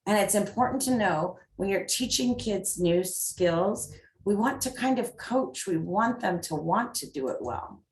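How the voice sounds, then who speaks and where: A woman's voice: medium pitch, lively intonation, measured pace. A middle-aged woman giving an upbeat parenting talk, full of acted examples. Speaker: parenting coach and presenter. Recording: echoey room.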